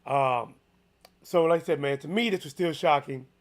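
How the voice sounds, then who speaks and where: Animated chatty man, sports commentary. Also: a little high, moderate pace. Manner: animated, chatty, with frequent restarts and fillers. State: slightly hoarse. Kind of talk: casual solo commentary.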